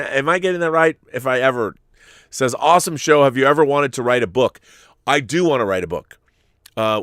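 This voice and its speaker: A middle-aged man hosting a live stream, reading viewer messages and answering them in a halting, rambling way. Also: mid-range voice, pushed and bright, clear, resonant tone, no echo, studio quality. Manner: rambling, halting, restarts often. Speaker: host.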